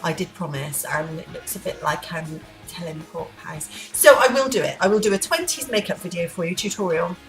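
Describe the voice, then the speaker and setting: A vlogger with a lowish voice talks briskly to camera from her home, barely pausing as she rambles playfully in an unplanned chat. The recording has an echoey room sound, a distant mic and faint music.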